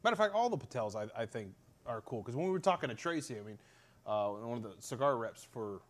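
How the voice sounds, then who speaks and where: Lively Pittsburgh-accented man. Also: medium pitch, fast. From Western Pennsylvania. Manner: animated storytelling, swears freely. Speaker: talk show host. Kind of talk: casual chat.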